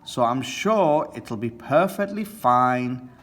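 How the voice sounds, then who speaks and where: A man voicing a boisterous, cheerful old male rabbit in a storybook read-aloud, shouting with glee. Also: mid-range voice, animated, slow pace. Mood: jolly. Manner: loud, exuberant shouting.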